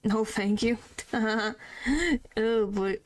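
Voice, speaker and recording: A woman's voice: on the high side, flat delivery, very slow. A woman streaming a video game, chatting casually and playfully, trying out character voices. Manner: playful, tries out voices, mild exclamations.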